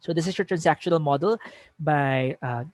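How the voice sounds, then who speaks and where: Filipino male lecturer, fairly high voice, dry booth-like sound, self-correcting conversational delivery. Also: normal speed, dry recording. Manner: reads example sentences aloud with shifting emphasis, frequent self-corrections. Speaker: teacher giving a webinar. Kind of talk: conversational lecture mixing English and Tagalog.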